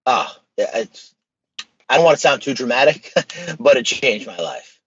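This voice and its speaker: Animated man, slightly dull recording. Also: medium pitch, moderate pace, breathy edge. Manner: animated, emphatic, casual slang. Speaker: podcast guest, social media page creator. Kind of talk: casual interview conversation.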